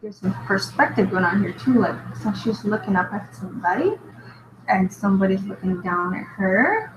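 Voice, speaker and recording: Brief: woman artist host, giggly thinking-aloud chatter, mid pitch, muffled echoey room with hiss. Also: normal speed. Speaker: artist hosting a live drawing show. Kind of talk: casual drawing commentary. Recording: dull echoey recording with steady background noise.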